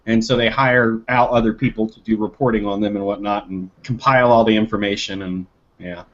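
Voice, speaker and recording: A man's voice: fairly low pitch, fairly even intonation, brisk, a bit bright. A man chatting easily on a group video call, explaining things plainly. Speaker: guest in group chat. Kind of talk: casual group video chat. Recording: dull lo-fi video call audio.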